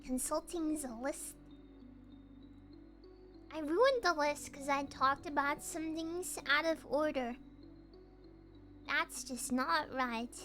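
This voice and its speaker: A woman's voice: high voice, takes it slowly, long pauses, fairly bright tone, faint music behind. A young woman VTuber chatting casually on stream, playful and giggly as she reacts to her chat.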